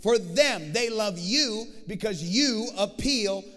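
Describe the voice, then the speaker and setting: A man preaching a sermon as pastor, swinging from shouted declarations to hushed, intimate passages and calling out to the congregation. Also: high-pitched, animated, takes it slowly, in a large hall, soft background music. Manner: dynamic preaching, swings from shouting to hushed tones, rallies the crowd. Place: large church hall.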